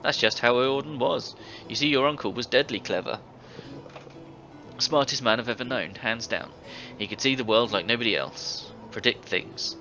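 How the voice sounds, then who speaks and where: A man's voice: medium pitch, normal speed, pushed and bright, faint music behind. A man voicing a middle-aged former thief in a video game, telling tales with hearty, boastful relish. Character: older male ex-thief, boisterous tavern storyteller. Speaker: game character. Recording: dull game audio with faint hiss.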